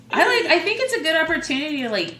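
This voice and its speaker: Woman comedian guest, bright tone, loose playful rambling, roomy sound. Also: high-pitched. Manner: playful, rambling, full of fillers. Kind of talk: casual chat. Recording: echoey room.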